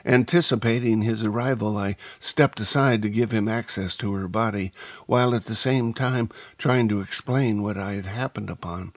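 A man narrating a first-person story in a measured, deliberate way. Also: fairly low pitch, fairly even intonation, dry recording. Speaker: audiobook narrator.

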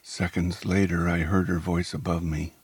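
A man narrating a first-person story in a calm, unhurried way. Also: sits low, husky, no room sound.

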